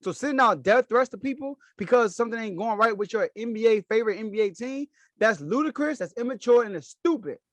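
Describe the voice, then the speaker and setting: Male sports podcast host, high-pitched, emphatic and repetitive, dry close recording. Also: animated, fast, hardly any pauses, fairly bright tone, no room sound. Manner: emphatic, repeats key phrases. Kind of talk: solo sports opinion commentary.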